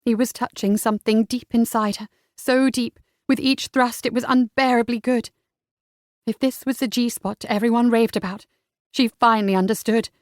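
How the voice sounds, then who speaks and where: Intimate, unhurried woman narrator. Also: a little high, dry recording, clean studio sound. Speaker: audiobook narrator. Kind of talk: scripted romance narration.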